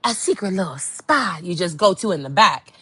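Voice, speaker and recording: A woman's voice: lowish voice, moderate pace, slightly rough, no room sound. Sassy woman telling a dating story. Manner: animated, sassy, acts out quotes. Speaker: podcast host. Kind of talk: casual storytelling monologue.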